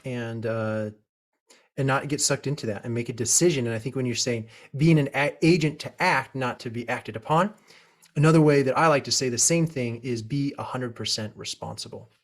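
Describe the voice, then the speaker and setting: A man's voice: medium pitch, normal speed. A man hosting a casual interview, rambling with restarts and digressions. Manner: rambling, restarts, drifts off topic. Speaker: podcast host.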